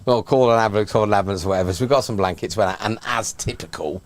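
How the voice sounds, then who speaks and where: A man's voice: on the low side, racing, no room sound. Chatty man telling a pub story. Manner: chatty anecdotal storytelling, laughs often. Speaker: cricket commentator. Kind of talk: casual commentary chat.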